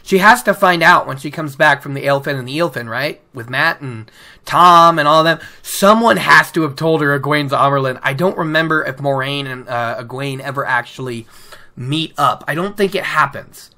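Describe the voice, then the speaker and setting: A woman's voice: deep voice, normal speed, bright, forceful tone. A woman casually retelling and picking apart a book chapter, chatty, with many stammered restarts. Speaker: book discussion host.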